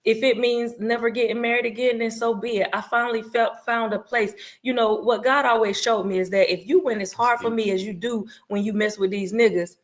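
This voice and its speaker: A woman's voice: fairly high pitch, steady tone, brisk, few pauses. A woman in her forties, co-hosting a podcast in casual, candid and emphatic chat. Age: 40s. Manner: candid, emphatic, preachy at times. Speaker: podcast co-host.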